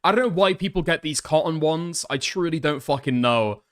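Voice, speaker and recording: A fairly high-voiced man delivers mocking commentary over a clip. His tone is sardonic and crude, with a dry, teasing edge. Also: lively intonation, moderate pace. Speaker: commentary host.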